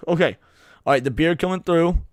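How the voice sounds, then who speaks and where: A man's voice: on the high side, fairly quick, no echo. A man co-hosting a late-night stream, joking around and reading chat messages aloud with frequent stammered restarts. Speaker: VTuber co-host.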